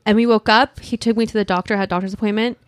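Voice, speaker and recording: A young woman telling a personal story on a podcast, loose and rambling, with "like" in nearly every sentence. Her voice sits at a middle pitch for a woman. The sound is close and dry, with almost no room around it. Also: fairly even intonation, very fast, no echo. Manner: rambling, heavy use of "like", emotional.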